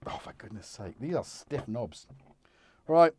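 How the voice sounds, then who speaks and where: Lively, chatty man fixing gear live. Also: medium pitch, a little slow, background noise. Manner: chatty, muttering to himself mid-task, self-deprecating. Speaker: livestream host repairing a synth. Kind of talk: casual live-stream chat while working. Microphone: wireless mic that drops out of range.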